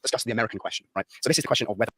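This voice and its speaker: A man's voice: medium pitch, very fast, sharp tone, breathy edge, no room sound. A British man giving earnest political commentary, often restarting and repeating words as he talks. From Britain. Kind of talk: studio political discussion.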